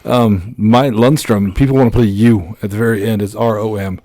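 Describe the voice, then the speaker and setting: A man's voice: on the low side, steady tone, fairly quick, mellow, no echo. A man hosting a podcast in casual chat, crude and joking, laughing often. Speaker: podcast host.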